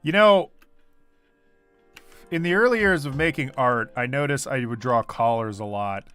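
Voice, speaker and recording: A man's voice: mid-range voice, measured pace, clear, resonant tone, dry recording. A young man casually chatting on a livestream as he draws, reading comments aloud and laughing often. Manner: animated, reads chat aloud, laughs often. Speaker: artist streaming his drawing. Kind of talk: casual livestream chat while drawing.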